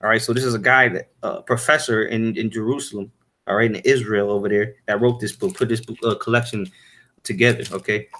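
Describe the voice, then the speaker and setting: A man giving an informal Bible lesson, halting with many fillers and "all right?" tags, and reading verses aloud in old-fashioned wording. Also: on the low side, steady tone, bright, forceful tone. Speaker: Bible teacher. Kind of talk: informal scripture teaching.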